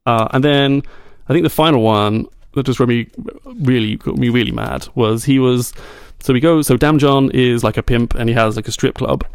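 Man, podcast co-host, gravelly edge, dry close sound, exasperated ranting, casual chat. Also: medium pitch, normal speed, no room sound. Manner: exasperated, animated complaining with laughs.

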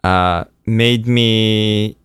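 Smooth, low-voiced podcast co-host. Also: male voice, fairly even intonation, very slow, fairly bright tone, no room sound. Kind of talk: casual chat.

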